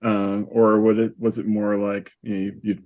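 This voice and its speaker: A man hosting a podcast, asking a guest a question in a halting, casual way. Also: lowish voice, completely flat delivery, dull audio. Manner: halting, many fillers. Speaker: podcast host.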